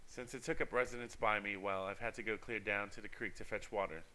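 A man's voice: on the low side, steady tone, brisk, sharp tone. A man doing a cackling old crone witch. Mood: scheming. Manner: cackling, crooning.

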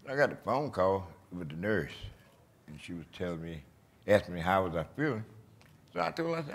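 A man's voice: deep voice, sing-song, a little fast. A man of seventy, plainly telling a personal story to a conference crowd and acting out the dialogue. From Eastern North Carolina. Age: 70s. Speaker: patient telling his story. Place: conference stage.

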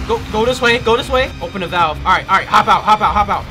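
A man playing a video game and commenting live, excitable and loud, trash-talking enemies and swearing when scared. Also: high-pitched, fast, over music. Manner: trash-talks enemies in a playful street tone. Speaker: gaming YouTuber. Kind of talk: let's play commentary.

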